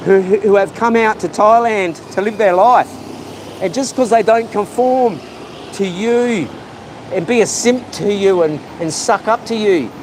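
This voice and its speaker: A worked-up Australian man with a high voice, venting on a live stream from a street outside. He sounds emotional and keeps circling back to the same points. Faint traffic hums behind him. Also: a little mellow. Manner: agitated, heated, repetitive ranting. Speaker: vlogger. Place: outdoors on a street.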